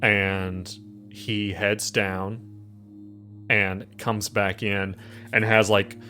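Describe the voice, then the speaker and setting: A low-pitched man runs a tabletop horror game, narrating scenes in a loose, rambling way. Faint music plays under the session. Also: little pitch movement, extremely slow, sharp tone. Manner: rambling, with frequent fillers. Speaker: game master.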